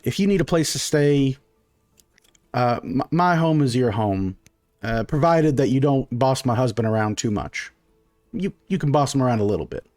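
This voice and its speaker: A man's voice: medium pitch, a little mellow, no room sound, studio quality, lightly acted. A man playing a bossy, folksy middle-aged mother. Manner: bossy, folksy drawl, fussy scolding. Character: stern middle-aged townswoman, sharp-tongued mother.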